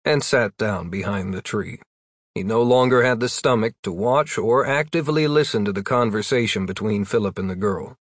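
A man narrating a story in a plain, even storytelling voice. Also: medium pitch, moderate pace, no echo, studio quality. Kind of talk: audiobook narration.

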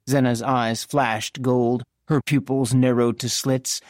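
A narrator reading a fantasy novel in the first person, in a measured, even storytelling manner. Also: medium pitch, no room sound, studio quality. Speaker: audiobook narrator.

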